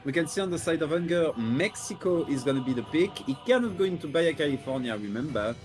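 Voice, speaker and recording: A man casting a live esports match, speaking with frequent filler hesitations and animated bursts. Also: fairly high pitch, fast, faint music behind. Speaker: esports caster. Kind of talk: live game commentary.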